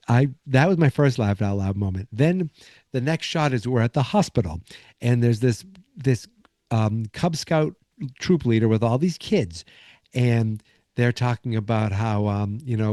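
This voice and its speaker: A man's voice: mid-range voice, a little slow, mellow, dry recording, studio quality. A man hosting a podcast, casually recapping a sitcom episode in a rambling way, acting out bits of dialogue along the way. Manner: rambling, acts out quotes from the episode. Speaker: podcast host.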